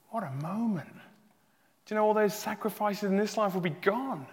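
A male pastor preaching a sermon in a church hall, earnest and emphatic, rising to loud peaks and sometimes stumbling over his words. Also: sits high, fairly quick. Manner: restarts and stumbles, emotional. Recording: long hall reverb.

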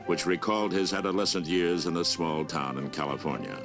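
Male narrator, low and gravelly, formal archival delivery over music. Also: a little fast. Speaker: documentary narrator. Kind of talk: scripted narration.

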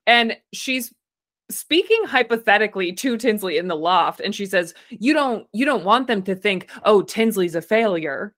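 Lively, chatty woman podcaster. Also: medium pitch, moderate pace. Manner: chatty, reads from her notes, laughs often. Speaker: podcast co-host. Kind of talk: casual chat recapping a reality show.

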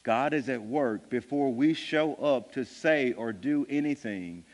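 A man preaching a sermon, with animated, emphatic delivery that builds to loud peaks. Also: medium pitch, a little slow. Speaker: pastor. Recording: long reverb of a large hall.

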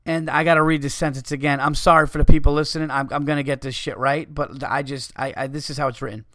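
A man's voice: mid-range voice, steady tone, moderate pace, pushed and bright, dry recording, clean studio sound. A man hosting a podcast, reading listener messages aloud in a loose, profane, casual way and stumbling over the text.

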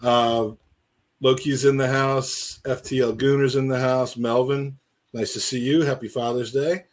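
A man's voice: medium pitch, fairly even intonation, measured pace. A man co-hosting a casual football podcast, rambling and joking as he reads out names from the live chat. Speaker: podcast co-host.

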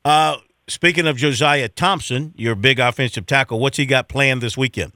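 A man hosts a sports radio show with a bright, sharp voice, chatty and folksy. He asks leading questions. His sound is dry and close. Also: mid-range voice, moderate pace, no room sound.

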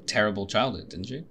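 A man co-hosting a podcast in casual chat, offhand, with quick agreeing replies. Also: medium pitch, creaky, a bit bright, slight background noise. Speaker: podcast co-host.

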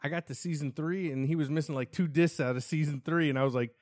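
A man telling stories in a casual chat, swearing freely and animated. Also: a little high, fast, no echo, clean studio sound. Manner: animated, profane storytelling.

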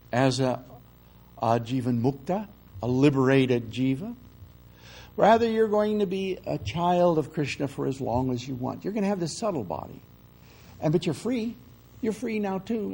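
An older male spiritual teacher lectures in a conversational way, checking in with his listeners often. His voice is gravelly and breathy and sits a little high for a man. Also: mellow, poor audio. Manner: conversational, often checks in with "okay?" and "you see".

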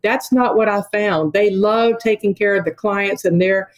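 A woman's voice: medium pitch, moderate pace, low-quality recording. An older woman, a podcast guest, talking in an enthusiastic and emphatic way. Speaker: veterinary dean, podcast guest. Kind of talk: conversational interview.

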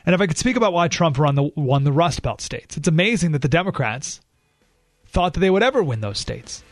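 A man hosting a political talk radio show, talking in an animated, sarcastic way. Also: on the high side, brisk, no echo, clean studio sound, soft background music. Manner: animated, sarcastic, acts out quoted voices.

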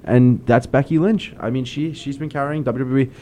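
A man in a casual chat, making measured points in full sentences. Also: mid-range voice, warm tone.

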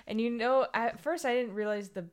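A woman chatting casually about a picture book, animated and reading lines aloud. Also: on the high side, a little fast. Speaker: co-host discussing a picture book. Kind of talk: casual chat.

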